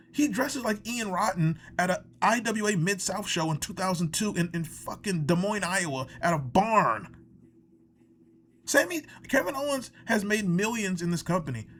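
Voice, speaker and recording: Brief: male reviewer, exasperated and profane ranting commentary, slightly high voice that swings widely. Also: a bit bright, slight background noise. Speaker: wrestling show reviewer.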